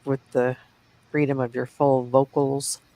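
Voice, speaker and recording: A woman's voice: extremely low pitch, level tone, measured pace, dark tone, no echo, low-quality recording. A woman from the Midwest co-hosting a casual livestream chat, gossipy and teasing, chuckling as she talks. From Midwest United States. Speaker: livestream co-host.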